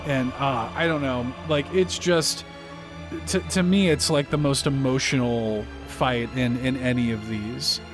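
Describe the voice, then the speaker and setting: A man co-hosting a podcast, talking in a halting, emotional way, with many restarts and fillers. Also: mid-range voice, music in the background. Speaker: podcast co-host. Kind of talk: casual podcast discussion.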